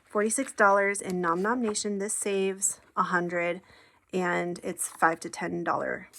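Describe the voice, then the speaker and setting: A woman talks at an unhurried pace, counting bills out loud in a chatty, upbeat way. A faint hiss of background noise sits under her voice. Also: fairly low pitch, steady tone, gravelly. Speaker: savings challenge creator. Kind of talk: casual chat while counting cash.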